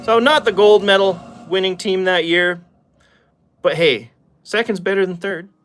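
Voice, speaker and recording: Relaxed, chuckling Albertan guy opening cards. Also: high voice, unhurried. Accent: Albertan Canadian English. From Calgary, Canada. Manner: laid-back, chuckles often, talks to chat viewers. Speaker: card-opening YouTuber. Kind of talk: casual pack-opening chat.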